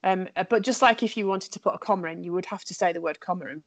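Chatting casually and eagerly, a woman who teaches French speaks quickly in a lowish voice, full of fillers and false starts. The recording is dry.

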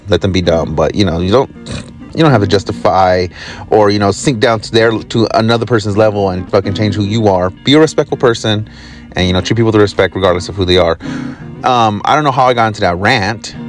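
A man hosting his own podcast, telling a work story in a casual, rambling way with lots of swearing and fillers. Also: on the low side. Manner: rambling, profane, with many fillers. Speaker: podcast host. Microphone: recording on the job, from a motel.

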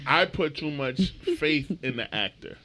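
Animated man telling a story. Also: a little high, measured pace, crowd noise. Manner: animated storyteller, swears freely. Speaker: podcast co-host. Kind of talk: casual chat.

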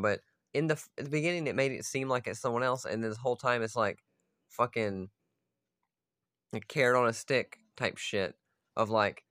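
A man's voice: medium pitch, expressive, normal speed, a bit bright, no room sound, clean studio sound. A man ranting casually about a video game story, profane and exasperated. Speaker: gaming video host. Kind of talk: casual rant.

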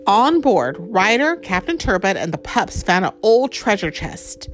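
A woman reads a picture book aloud to a young listener, her voice rising and falling in a lively, animated way. She talks gently and explains words as she goes. Her pitch sits in a middle range. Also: a little slow, soft background music. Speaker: storyteller.

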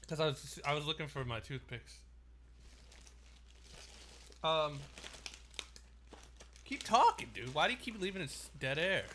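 A man's voice: on the high side, animated, a little slow, pauses often, crowd noise. A man co-hosting a casual podcast, laid-back and a bit defensive, swearing casually and calling his partner dude. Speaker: podcast co-host.

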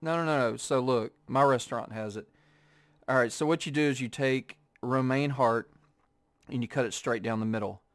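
A man's voice: medium pitch, normal speed, no room sound. A man in a casual chat, eagerly explaining how a dish is made and cutting in on others. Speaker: podcast co-host, restaurant worker.

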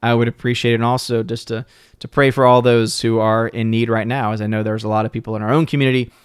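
A man hosting a livestream, signing off casually, thanking viewers and reading supporter names with lively upward lifts. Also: mid-range voice, fast talker, clean tone, no room sound, clean studio sound. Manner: jokey, playfully mangles words. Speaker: livestream host. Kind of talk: casual stream sign-off and shout-outs.

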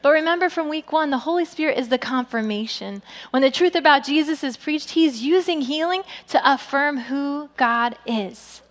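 A woman pastor giving a sermon in an animated way, acting out quoted people with big jumps in pitch. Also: moderate pace, few pauses. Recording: long hall reverb.

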